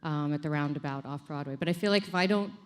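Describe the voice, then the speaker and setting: A middle-aged woman with a fairly low voice talks as a guest in a casual interview. She tells her stories with animation and laughs often as she goes. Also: fast talker, slight background noise. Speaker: actress guest.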